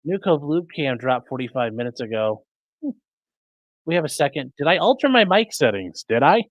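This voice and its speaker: A man's voice: on the high side, big pitch swings, normal speed, no echo, dull audio. A man hosting a live stream, casually chatting and answering viewers' comments. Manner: chatty, rambling, fixing mic settings mid-stream. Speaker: livestream host reading chat. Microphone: streaming desk mic.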